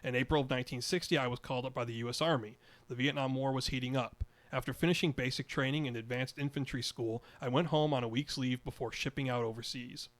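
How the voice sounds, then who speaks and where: A man's voice: mid-range voice, fairly even intonation, fast, few pauses. An older man in his eighties reading his own memoir story aloud, wry, chuckling now and then. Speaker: podcast storyteller.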